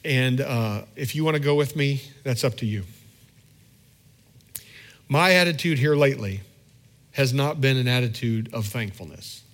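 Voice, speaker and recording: A man's voice: medium pitch, unhurried, long pauses, a bit bright. A middle-aged man preaching a sermon as pastor, candid and self-deprecating, acting out little quoted scenes in a conversational way.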